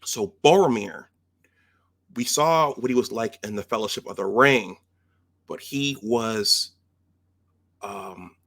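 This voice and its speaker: A man's voice: on the low side, creaky, a bit bright. A man casually retelling film scenes as a commentator, in a conversational way that often restarts and checks in with the listener.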